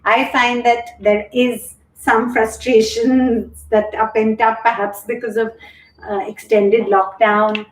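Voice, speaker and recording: A woman's voice: a little high, little pitch movement, slow pace, a little hiss or hum. A middle-aged woman hosting a live stream, chatting candidly and thanking viewers as she reads their comments aloud. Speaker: show host and yoga instructor. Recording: echoey room.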